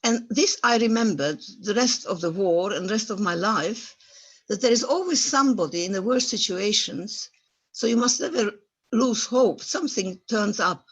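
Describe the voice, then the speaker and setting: Elderly woman from former Yugoslavia, husky. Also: medium pitch, moderate pace. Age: 80s. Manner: emotional, vivid storytelling with searching, non-native phrasing. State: stirred up by memories. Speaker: Holocaust survivor guest speaker. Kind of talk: personal testimony at an online talk.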